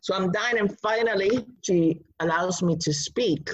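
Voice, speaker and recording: A woman from Rico, telling a personal story in an animated, emphatic way. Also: mid-range voice, a little slow, low-quality recording. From Puerto Rico.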